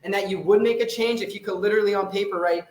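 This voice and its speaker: A man's voice: sits high, fairly even intonation, quick pace, a little mellow, reverberant, rough recording. A young man, a fitness coach, giving a fired-up motivational pep talk on a live stream, swearing often and repeating himself.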